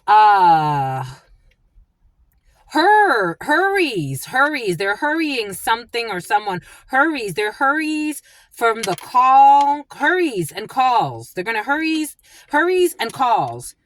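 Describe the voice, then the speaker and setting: Slow, halting woman reader. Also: a little high, big pitch swings, no room sound. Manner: halting, repeats words as they come to her. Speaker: psychic reader. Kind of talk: channeled collective reading.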